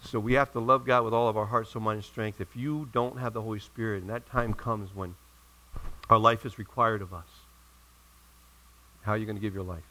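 Bright-voiced man preaching with fervor. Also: lowish voice, steady tone, fairly quick, low-quality recording. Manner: storytelling, swings from loud emphatic peaks to quiet asides. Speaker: pastor. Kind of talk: sermon. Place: church.

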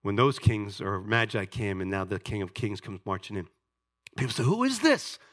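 A man pastor preaching a sermon, animated, swinging from loud declarations to hushed asides. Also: fairly low pitch, normal speed.

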